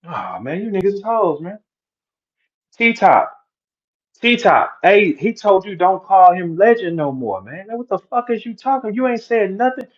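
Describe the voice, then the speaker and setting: A man's voice: high-pitched, sing-song, measured pace, highs cut off. A man hosting an online audio room, ranting aggressively and mockingly with heavy profanity.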